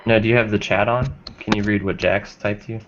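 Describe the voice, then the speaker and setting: A man chatting briskly in a casual group call. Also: on the low side, level tone. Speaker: call participant. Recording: lo-fi call audio with loud background noise.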